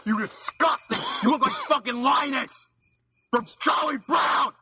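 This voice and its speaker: A man's voice: very high voice, measured pace, bright, forceful tone, raised voice. A man ranting and screaming profane insults in a comedic recorded message. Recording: played back with jingle music.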